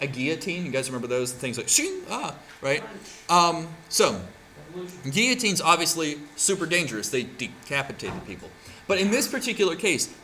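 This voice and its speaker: A man teaching a hands-on craft lesson with a bright, fairly high voice that rises and falls a lot. He talks casually to his students and keeps checking in with "right?". A faint hum of room noise sits under him. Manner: chatty, keeps asking "right?". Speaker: art teacher. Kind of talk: classroom tutorial demonstration.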